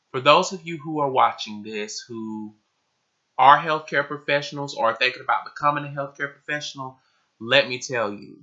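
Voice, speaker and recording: A young man vlogging casually to camera, his voice a bit croaky from just waking up, talking emphatically with lots of "like" and casual swearing. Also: mid-range voice, sharp tone. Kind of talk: casual vlog talk to camera. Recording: dull lo-fi recording.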